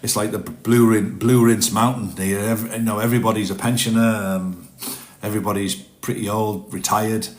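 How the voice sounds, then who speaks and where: A man's voice: lowish voice, reverberant. A man chatting casually on a live stream from his home, rambling and self-deprecating.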